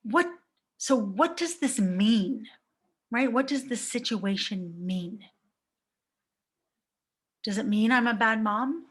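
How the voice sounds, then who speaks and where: A woman's voice: a little high, lively intonation, takes it slowly, long pauses, breathy edge. A woman in her thirties, a life coach giving a reflective live talk to viewers and asking many rhetorical questions.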